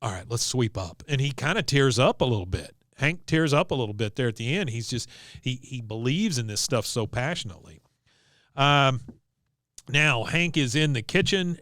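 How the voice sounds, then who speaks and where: A man's voice: mid-range voice, no room sound, studio quality. A man co-hosting a podcast, recapping an episode in casual chat and acting out the characters' lines with lots of "uh". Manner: animated storyteller, acts out quotes, frequent "uh". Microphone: desk mic on video podcast.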